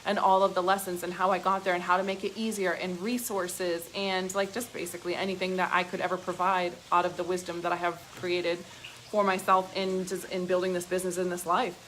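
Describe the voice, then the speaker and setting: A woman business coach on a live stream, giving an excited, profane pep talk to her audience, heavy on emphasis and filler words. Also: lowish voice, a little fast, a little hiss or hum, rough recording. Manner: excited and gushing.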